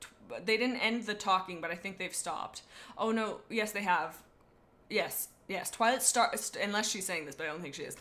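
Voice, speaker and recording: A young woman streaming live, casually reading fan fiction aloud with excitable, giggly, rambling tangents. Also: medium pitch, normal speed.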